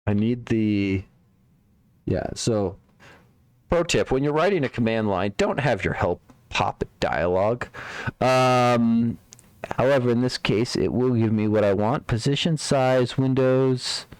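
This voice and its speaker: Slow, muttering man debugging code aloud. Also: medium pitch, clean tone, no echo. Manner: muttering to himself, trailing off, repeating words. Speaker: live-streaming programmer.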